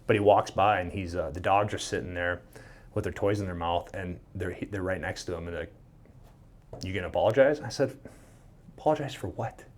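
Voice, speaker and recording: A man with a fairly low voice tells a story in a loose, casual way. He is a podcast guest, and he gets animated, swears freely and acts out the quoted dialogue. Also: a little fast. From Minnesota.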